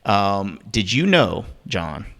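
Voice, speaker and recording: A man's voice: fairly low pitch, sing-song, takes it slowly, gravelly, a bit bright. A man hosting a podcast, chatting casually in a rambling, self-deprecating way with lots of fillers. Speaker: podcast host. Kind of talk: casual chat.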